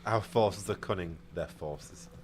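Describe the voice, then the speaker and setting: Chatty low-voiced male game streamer. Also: unhurried. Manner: chatty, reads chat aloud and reacts. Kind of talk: casual gameplay commentary. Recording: faint background noise.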